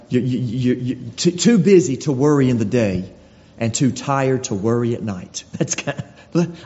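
A man's voice: medium pitch, dark tone. A man preaching a sermon, earnest, repeating phrases and restarting his sentences as he goes. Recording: dull lo-fi recording in a reverberant hall.

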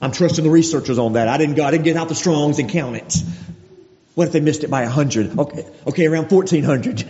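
This preacher's voice sits a little high, moving fast with a dark tone. His sermon feels conversational, full of restarted phrases and acted-out quotes, captured in dull audio that rings with long hall reverb.

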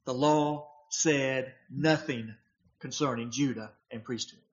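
A man's voice: mid-range voice, fairly even intonation, slow pace, dull audio. A man preaching a sermon, emphatic and posing rhetorical questions to his congregation.

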